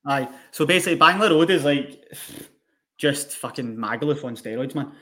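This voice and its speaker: A man's voice: mid-range voice, lively intonation, moderate pace, pushed and bright. A young man telling a rowdy story with lots of swearing and laughter, as a podcast co-host in casual chat. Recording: echoey room.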